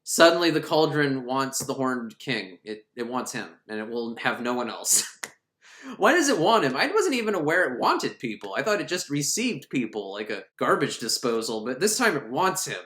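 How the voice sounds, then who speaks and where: A man recaps an animated film with sarcastic, profane humor, his pitch swinging widely as he goes. His voice sits in the middle of the male range. The room around him is echoey. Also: moderate pace. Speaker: movie reviewer. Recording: roomy echo.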